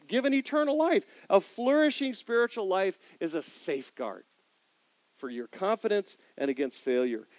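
A middle-aged man preaches a sermon in a church sanctuary, his voice sitting somewhat high for a man. He moves between loud, emphatic lines and quiet asides and keeps asking his listeners questions. The recording is dry and close, with almost no room sound. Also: no echo, low-quality recording. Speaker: pastor.

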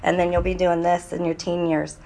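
A woman giving a lively, instructive parenting talk to a live audience of mothers, sometimes mimicking children's voices. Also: fairly low pitch, brisk, vocal fry, slight background noise.

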